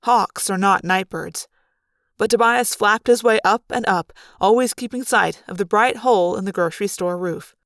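A woman reading a novel aloud in an expressive first-person narration. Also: mid-range voice, normal speed, no echo, clean studio sound. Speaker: audiobook reader. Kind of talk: fan read-aloud narration.

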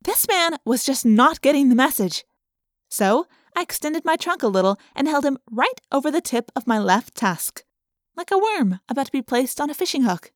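A woman narrating a children's audiobook in a playful, expressive storytelling manner. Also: sits high, normal speed, no room sound, studio quality.

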